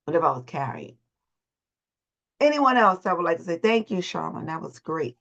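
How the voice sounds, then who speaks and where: A woman's voice: on the low side, very animated, moderate pace, vocal fry, fairly bright tone. A woman leading a motivational morning call, emphatic and repeating her phrases. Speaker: host and voice coach. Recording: dull lo-fi call audio.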